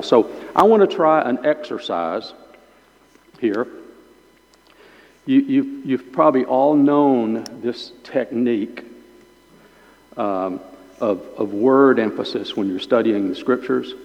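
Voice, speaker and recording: A pastor leading a Bible class speaks slowly in a mid-range voice, chewing gum as he gives an informal teaching sermon to a small group. He thinks aloud and repeats his words often, and the recording is dull and lo-fi with long hall reverb.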